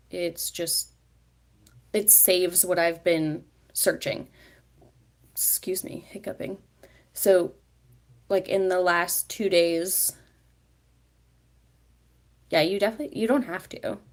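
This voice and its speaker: A woman talks in a loose, rambling way to her livestream viewers, with many fillers. Her voice sits low and has a gravelly edge. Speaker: vlogger. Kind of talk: casual live chat.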